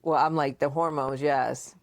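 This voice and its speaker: A woman hosting a casual podcast chat, asking questions and acting out remembered dialogue in a playful, animated way. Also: low-pitched, measured pace. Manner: frequent laughter and questioning. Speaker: podcast host and mother.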